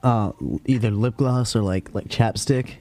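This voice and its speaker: A man's voice: medium pitch, unhurried, a little mellow. A young man hosting a casual podcast, telling a crude story in a rambling way, full of slang and fillers. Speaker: podcast host.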